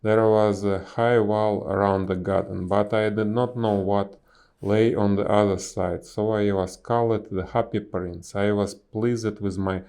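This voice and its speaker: A man reading a storybook aloud, voicing a kind, sorrowful young prince turned statue, pleading gently. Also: lowish voice, little pitch movement, measured pace, smooth.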